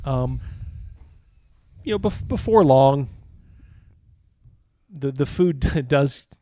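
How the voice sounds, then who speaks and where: A man's voice: medium pitch, animated, drawn-out words, mellow, no room sound. A man narrating as game master, rambling with many fillers and chuckles.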